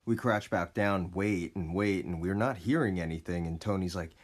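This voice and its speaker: Low-voiced man telling a story. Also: normal speed. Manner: profane, laid-back, expressive. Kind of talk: casual storytelling vlog.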